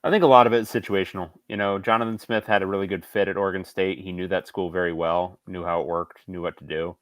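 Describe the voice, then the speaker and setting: A male podcast co-host in casual sports chat, talking in a measured, hedging way with fillers. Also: low voice, steady tone, no echo.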